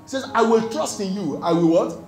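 A man's voice: high voice, expressive, fairly quick, echoey room, music in the background, rough recording. A male pastor preaching a sermon, reading scripture and putting questions to the congregation for them to answer. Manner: emphatic call-and-response preaching.

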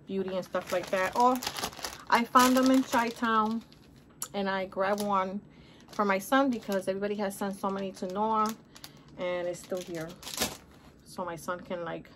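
A woman's voice: mid-range voice, noisy background. A middle-aged woman chatting casually through a shopping haul at home, gushing and exclamatory, talking straight to her viewers and calling them guys and honey. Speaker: haul vlogger.

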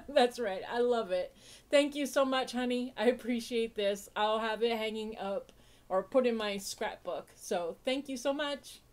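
Woman on her podcast opening happy mail, talks slow, kinda high voice, bubbly and giggly, jokes about being sarcastic. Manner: bubbly, gushing, laughs often; self-mocking and sarcastic. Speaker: podcast host. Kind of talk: casual unboxing chat.

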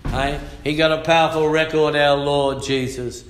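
A middle-aged man, preaching a fiery sermon in church, sometimes shouting. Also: a little high, level tone, normal speed. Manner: fiery, shouting and humming out rhythms. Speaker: pastor. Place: church hall. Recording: echoey church hall.

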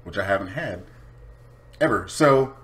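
A man with a fairly low voice rants casually to his camera. He is blunt, profane and unapologetic, and his pitch swings widely as he makes his points. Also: expressive, unhurried, fairly bright tone, a little hiss or hum. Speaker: vlogger.

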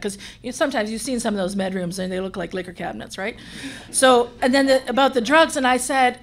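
A woman from Canada, a care home administrator, telling a story on a panel in a lively, self-mocking way. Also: on the high side, moderate pace, a little hiss or hum.

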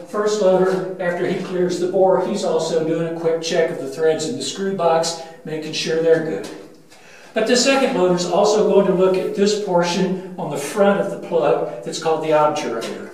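An older man working as a museum ship guide, walking through the loading steps with frequent uh-fillers and a steady, methodical explanation. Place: inside a steel gun turret on a battleship. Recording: booming metal-room echo, mic at a distance.

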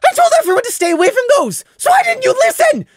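A man voicing Prey, a stubborn, defensive young trap-maker who shouts accusations in an audio drama. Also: very high-pitched, sing-song, normal speed, dry recording, studio quality, pitched above the performer's own voice. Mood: accusing.

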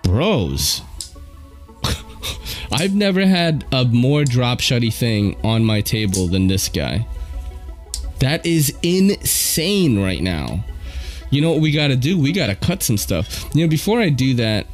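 Excitable slangy man, lively voice. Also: medium pitch, measured pace, soft background music. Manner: slangy, excitable, loud exclamations. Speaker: channel host reviewing knives. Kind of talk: casual unboxing chat. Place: at home at a table.

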